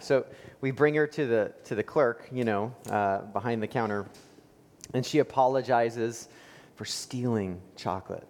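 A man's voice: mid-range voice, measured pace, darkish tone. A male pastor preaching a sermon in a conversational storytelling way, with fillers and rhetorical questions. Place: church sanctuary. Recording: long church reverb.

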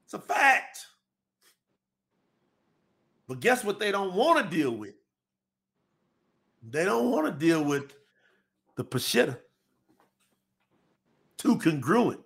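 A man's voice: high-pitched, big pitch swings, slow, creaky, long pauses, a bit bright. A man teaching about scripture translation as host, speaking emphatically and firing off rhetorical questions. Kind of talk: religious teaching talk.

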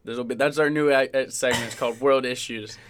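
A man's voice: medium pitch, fairly even intonation, a little fast, clear, resonant tone. A young man co-hosting a podcast, rambling in casual banter, laughing often and swearing a lot. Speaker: podcast co-host.

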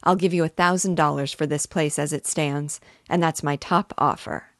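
A woman reading the part of a smooth, persuasive, scheming cattle rancher from a novel read aloud. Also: low-pitched, fairly even intonation, moderate pace, no echo, clean studio sound.

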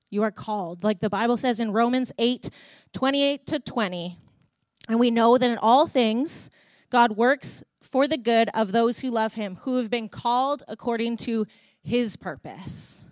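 A woman's voice: fairly high pitch, measured pace, no room sound. Chatty Canadian woman preaching a sermon. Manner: chatty storytelling, reenacting conversations. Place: church.

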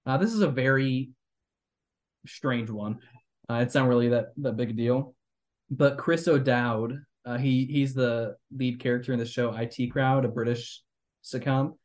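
A man's voice: mid-range voice, steady tone, unhurried, a little mellow. Young man, podcast host, casual movie critique, rambling, critical, lots of fillers. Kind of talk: casual movie review chat.

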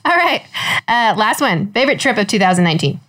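A woman's voice: a little high, sing-song, moderate pace, fairly bright tone. A woman co-hosting a podcast in casual chat, upbeat and giggly with brief answers. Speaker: podcast co-host.

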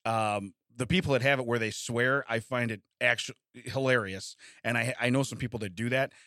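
A man's voice: mid-range voice, steady tone, normal speed, bright, forceful tone, no room sound, clean studio sound. A middle-aged man from the United States co-hosting a casual chat, rambling through stories with frequent laughs and restarts. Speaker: podcast co-host.

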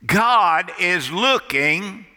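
Emphatic high-voiced pastor in a reverberant hall. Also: male voice, expressive, very slow, bright, forceful tone. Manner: emphatic, repeating phrases for stress. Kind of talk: sermon. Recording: long reverb of a church hall.

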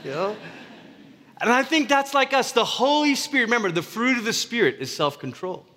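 High-voiced male pastor preaching. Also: brisk, pushed and bright. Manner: earnest, conversational, with stumbling restarts. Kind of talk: sermon. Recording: reverberant hall.

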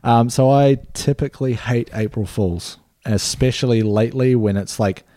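Laid-back New man, mellow voice. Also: medium pitch, moderate pace, dry recording. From New Zealand. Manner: laid-back, rambling, many fillers and swearing. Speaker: podcast co-host. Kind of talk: casual chat.

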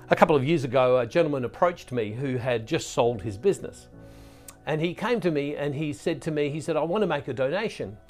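A man's voice: medium pitch, expressive, moderate pace, soft background music. A middle-aged man giving an earnest sermon as a preacher, often restarting and repeating himself. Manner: earnest, with frequent restarts and repetitions. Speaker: Catholic preacher and ministry founder. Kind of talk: reflective sermon talk.

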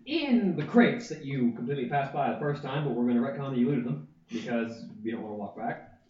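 A man's voice: medium pitch, expressive, a little mellow. Man running a tabletop game from afar. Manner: halting, restarts phrases often. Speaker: game master. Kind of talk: narrating a tabletop game recap. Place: room shared with other players. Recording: very roomy, distant, muffled lo-fi.

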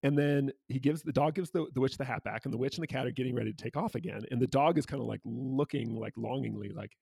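A man's voice: medium pitch, fast, vocal fry, few pauses, darkish tone, breathy edge, no room sound. A man co-hosting a podcast, chatting casually about a picture book, laughing often and using many fillers. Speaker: podcast co-host.

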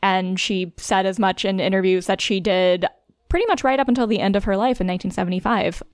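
A woman co-hosting a podcast. Her voice is smooth and clear, and the close recording is dry. She explains things in a chatty way, full of casual fillers. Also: medium pitch, a little fast, dry recording. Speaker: podcast co-host. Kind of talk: conversational podcast discussion.

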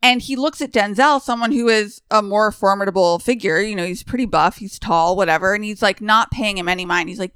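Smooth-voiced woman, eager film chat. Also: mid-range voice, moderate pace, few pauses, no echo. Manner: enthusiastic, animated retelling of scenes. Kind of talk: casual film discussion.

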